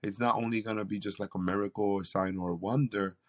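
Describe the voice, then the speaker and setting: A man's voice: fairly low pitch, steady tone, fast. A man, a campus pastor, telling a faith story in an interview with an earnest, preacherly delivery. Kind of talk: interview testimony.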